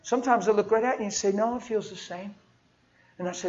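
A man with a high, light voice preaches in a folksy, heartfelt way, slipping into the voices of the people in his stories. The recording is dull and lo-fi, like an old church tape. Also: fast, darkish tone. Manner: folksy, heartfelt, acts out dialogue. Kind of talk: sermon with storytelling.

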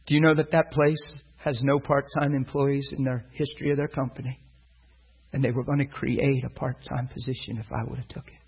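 Husky-voiced preacher telling an animated story. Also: male voice, mid-range voice, fairly quick, muffled recording. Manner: animated storyteller acting out dialogue. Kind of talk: sermon storytelling.

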